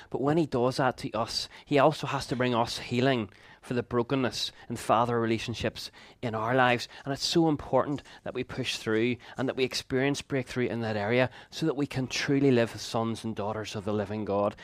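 A man in his fifties preaching a sermon, telling a personal story in an earnest way with quick laughs and asides. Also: mid-range voice, no room sound.

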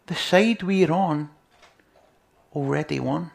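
Male preacher, gravelly, earnest sermon delivery with loud and hushed passages. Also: medium pitch, measured pace. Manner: earnest, swings between loud emphasis and quiet near-whispers.

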